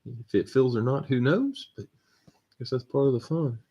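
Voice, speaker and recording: A man hosting a live stream, steadily reading out viewer names and teams with relaxed asides. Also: medium pitch, moderate pace, slightly rough, lo-fi sound. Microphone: computer mic on a live stream.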